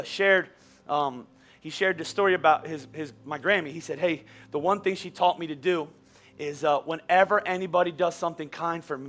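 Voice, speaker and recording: A middle-aged man preaching a sermon as pastor, conversational and animated, at times rising to near-shouts. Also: high voice.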